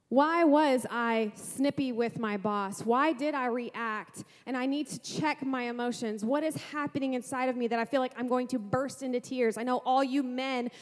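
A woman pastor preaching a sermon to a congregation, lively, asking rhetorical questions and making playful asides. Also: sits high, in a large hall.

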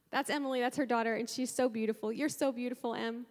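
A woman pastor delivers a fervent, emotional sermon in a high voice. Her words ring out into a church hall with a long reverb trailing behind them. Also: steady tone, a little fast. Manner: fervent and emotional, with sighs and repeated praise. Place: church sanctuary.

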